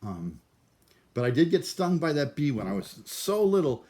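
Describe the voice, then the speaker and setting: A man's voice: fairly high pitch, sing-song, moderate pace, mellow. A man from Cleveland rambling through a self-deprecating, neurotic vlog monologue. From Cleveland, USA. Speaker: vlogger.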